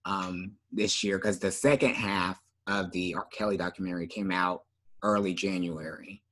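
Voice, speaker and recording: A man co-hosting a podcast in casual chat, relaxed and often trailing off with fillers. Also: low-pitched, moderate pace. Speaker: podcast co-host.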